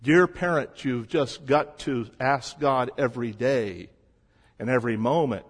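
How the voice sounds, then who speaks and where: A man preaching a sermon as a pastor, shifting between quiet stretches and loud emphasis. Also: medium pitch, big-room sound.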